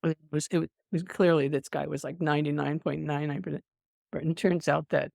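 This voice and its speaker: An older woman, a veteran emergency nurse, telling stories from her career in a casual podcast interview, lively and quick to laugh. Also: low-pitched, gravelly, dry recording, studio quality. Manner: animated storyteller, breaks into laughter, many restarts.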